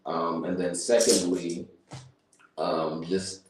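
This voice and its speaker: A man's voice: low voice, level tone, slow pace. A man streaming as he thinks aloud and takes notes, rambling and breaking into chanted nonsense syllables. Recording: very echoey room, mic far off, faint noise.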